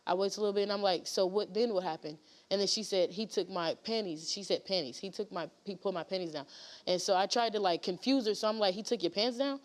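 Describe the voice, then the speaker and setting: A woman's voice: medium pitch, quick pace. A woman guest on a talk show, telling a painful story in a rambling way with many fillers and restarts.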